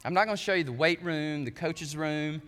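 An earnest young quarterback speaks warmly of his team's staff, as a male preacher plays him. The voice is bright and fairly high, with a long church reverb behind it. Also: brisk, natural voice. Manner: earnest and encouraging.

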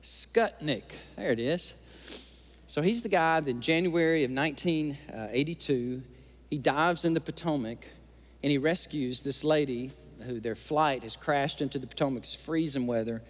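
A man's voice: on the high side, moderate pace, soft background music. A male pastor preaching an impassioned sermon in a church. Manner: impassioned preaching, tearful at times. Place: church sanctuary. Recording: long hall reverb.

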